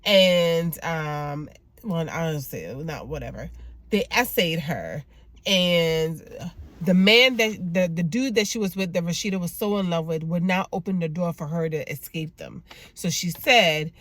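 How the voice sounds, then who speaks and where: A woman hosting a casual TV episode review, telling the story in an animated, chatty way and acting out the characters' lines. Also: lowish voice, measured pace. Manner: chatty with repeated emphatic words. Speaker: YouTube TV recap host and clinician.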